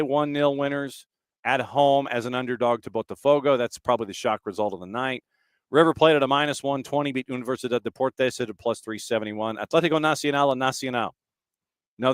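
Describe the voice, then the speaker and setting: Smooth-voiced male podcast host. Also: mid-range voice, fast, dry recording. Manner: relaxed, runs through betting odds in a list. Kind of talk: casual chat.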